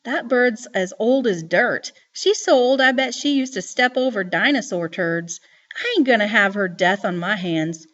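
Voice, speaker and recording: A woman voicing a streetwise teenage boy who talks cool and low out of the corner of his mouth in an audiobook. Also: animated, normal speed, a bit bright, far from the mic, lo-fi sound. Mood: cocky. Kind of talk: audiobook character reading.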